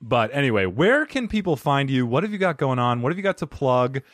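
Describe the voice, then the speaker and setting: A man's voice: mid-range voice, big pitch swings, brisk, fairly bright tone, no echo, studio quality. A young man hosting a podcast, goofy and enthusiastic in casual chat. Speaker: podcast host.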